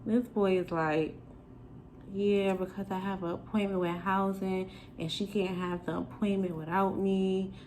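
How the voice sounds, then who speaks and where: A young woman from New York telling a storytime to the camera, animated and sassy, acting out the quoted lines. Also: mid-range voice, a little slow, slight background noise, rough recording. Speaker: vlogger. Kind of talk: storytime chat.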